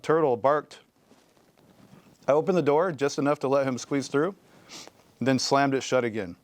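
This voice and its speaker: A man reading a children's novel aloud in an expressive storytelling way, close to the mic. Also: medium pitch, no room sound. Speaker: guest reader.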